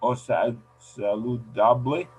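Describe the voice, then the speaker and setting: Slow, halting man reading aloud. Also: mid-range voice, faint music behind, low-quality recording. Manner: halting, careful reading with slips. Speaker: student. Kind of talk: reading practice in a language class.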